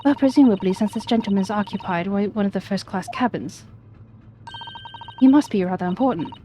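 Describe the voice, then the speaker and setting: A woman's voice: mid-range voice, brisk, warm tone, slight background noise, lightly acted. A woman voicing a polite, proper young female assistant in a video game, asking formal, courteous questions.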